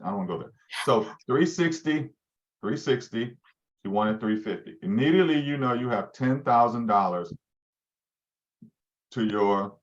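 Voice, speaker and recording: A man with a medium-pitched voice leads a live training for his real estate agents, quizzing them as he goes. The recording is muffled.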